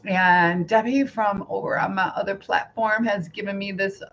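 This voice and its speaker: A woman's voice: mid-range voice, steady tone, normal speed, muffled recording, noisy background. A woman hosting a cooking livestream in her home kitchen, chatting casually and rambling to viewers while she cooks. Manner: chatty, rambling, greets viewers, laughs often.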